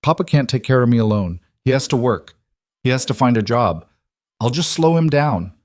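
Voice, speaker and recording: A man voicing an eight-year-old girl who talks in a flat, eerily calm voice. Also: mid-range voice, normal speed, dry recording, voice pushed up, natural voice. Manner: flat, quiet voice.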